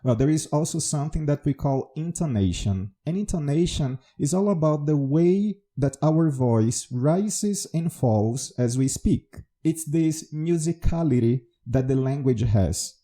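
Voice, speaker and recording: A man's voice: a little high, lively intonation, a little slow, few pauses, mellow. A man from Brazil with a Baiano Brazilian Portuguese accent, a native Portuguese speaker, hosting a solo educational podcast in an explanatory, teacherly way. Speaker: podcast host, English teacher.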